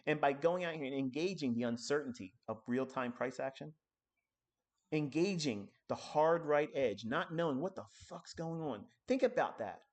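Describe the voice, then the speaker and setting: A man teaching trading on a live stream, ranting in a profane, combative way, swinging between loud outbursts and low muttering. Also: normal speed.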